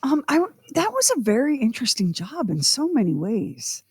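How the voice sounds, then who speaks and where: A woman's voice: on the high side, big pitch swings, moderate pace, darkish tone, husky, no echo, clean studio sound. A woman co-hosting a casual radio podcast chat, giving brief reactions. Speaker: co-host.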